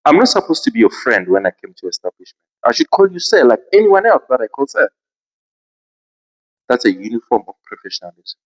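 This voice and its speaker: A man with a South African accent, hosting a podcast and telling a story in a casual, expressive way. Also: mid-range voice, brisk, muffled recording. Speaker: podcast host.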